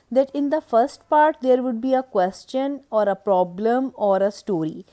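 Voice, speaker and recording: A woman giving a recorded lecture, explaining step by step in a measured way with occasional hesitant fillers. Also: fairly high pitch, warm tone.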